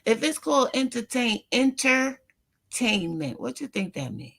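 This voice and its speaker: Gravelly woman making a pointed argument. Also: on the high side, big pitch swings, fairly quick, crowd noise. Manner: lecturing, argumentative. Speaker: podcast panelist. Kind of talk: casual chat.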